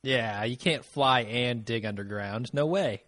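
A man's voice: medium pitch, unhurried, fairly bright tone, no room sound. Laid-back joking man. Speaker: podcast co-host. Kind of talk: casual chat.

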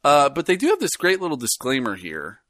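A man hosts a casual podcast, rambling and laughing as he goes. His voice swings widely in pitch. The sound is dry and close. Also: a little fast, no room sound. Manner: laughs often, animated and rambling. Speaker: podcast co-host. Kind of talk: casual chat.

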